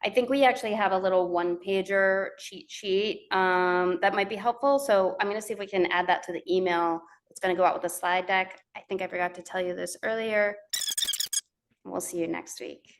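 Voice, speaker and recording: A woman's voice: mid-range voice, fairly even intonation, fairly quick, background noise. A woman leading an online organizers' call, speaking hesitantly with many fillers and restarts. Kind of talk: presentation on a video call.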